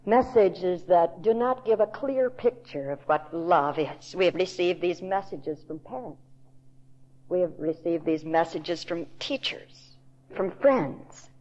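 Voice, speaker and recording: A woman Bible teacher giving a sermon in a deliberate, emphatic storytelling manner. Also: on the low side, mellow. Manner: slow, deliberate, emphatic storytelling with quoted voices. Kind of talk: recorded sermon to a women's audience. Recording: dull lo-fi tape recording.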